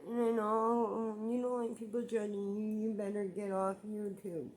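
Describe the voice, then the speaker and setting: A woman's voice: mid-range voice, little pitch movement, moderate pace, darkish tone, a little hiss or hum. A woman vlogging about her own life in a rambling, emotional monologue, repeating herself as she gets frustrated. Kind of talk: emotional personal vlog monologue.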